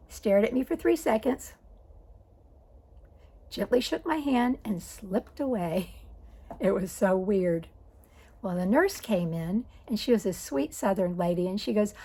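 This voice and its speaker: A woman's voice: a little high, animated, a little slow, husky. A woman in her sixties telling a personal story in a conversational, wry way, correcting herself as she goes. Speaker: vlogger.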